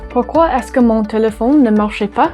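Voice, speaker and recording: Canadian woman as the eager student, expressive and playful, higher voice, music in the mix. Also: brisk. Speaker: learner in the lesson. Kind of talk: scripted lesson sketch. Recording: clear background music.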